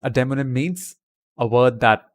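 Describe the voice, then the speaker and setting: A man's voice: medium pitch, normal speed. A man from India chatting on a livestream from his home webcam. He answers viewers' comments and talks English in a put-on British accent. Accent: British accent put on by an Indian speaker. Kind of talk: casual livestream chat.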